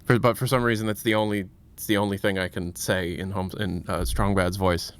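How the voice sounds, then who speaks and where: A man's voice: fairly low pitch, fairly even intonation, fairly quick, a bit bright, clean tone. Rambling, self-mocking male streamer. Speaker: livestream host. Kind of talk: casual stream chat.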